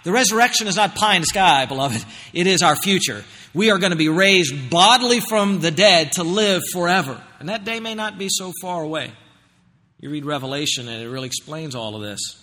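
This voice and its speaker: A man preaching a sermon as pastor, emphatic, swinging between loud passages and hushed ones. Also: high-pitched, animated, a little fast. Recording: long hall reverb.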